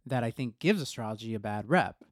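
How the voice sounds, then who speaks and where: A man's voice: mid-range voice, brisk, dry recording. Playful man, dry close sound. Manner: animated and playful, acts out little quotes. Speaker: podcast co-host. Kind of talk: casual podcast chat about astrology.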